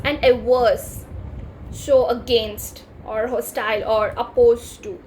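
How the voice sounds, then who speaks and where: Lady teaching vocab, high voice, slow and careful, little bit of hiss behind. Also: low-quality recording. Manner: repeats word meanings in lists, careful and deliberate. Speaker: teacher explaining an editorial. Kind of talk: slow reading and vocabulary lesson.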